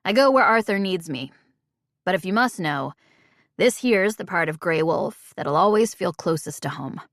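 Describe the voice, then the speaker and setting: Brief: woman reading sly, teasing young man, slow and smooth, dry close sound. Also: on the low side, animated, a bit bright, no room sound. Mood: wry. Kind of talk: audiobook character voice.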